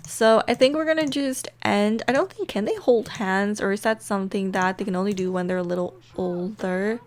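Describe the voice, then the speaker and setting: A woman's voice: mid-range voice, normal speed. Giggly, chatty young woman gamer. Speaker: gaming video creator. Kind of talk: casual let's-play commentary.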